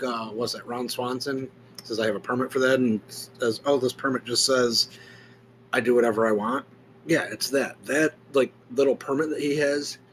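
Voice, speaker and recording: A man's voice: mid-range voice, a bit bright, slight background noise. A man hosting a solo podcast, reading passages aloud and commenting on them in a casual, blunt way that includes swearing. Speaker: podcast host.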